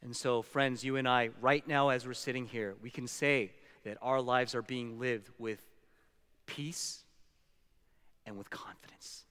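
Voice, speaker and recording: A man's voice: medium pitch, fairly even intonation, unhurried, a bit bright, smooth. Give me a man preaching a sermon with emphatic, word-by-word delivery, in a long reverberant hall. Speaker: pastor.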